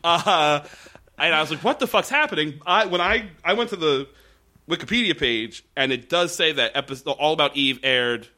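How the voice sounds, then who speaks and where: A man co-hosting a casual podcast, reviewing a TV episode in an animated, swearing way, with jumps into high voices for quotes. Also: moderate pace. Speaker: podcast co-host. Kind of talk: casual chat reviewing a TV show.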